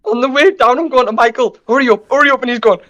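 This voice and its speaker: Young lad, rapid and high-pitched, animated live podcast storyteller who swears freely. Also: male voice. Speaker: podcast co-host.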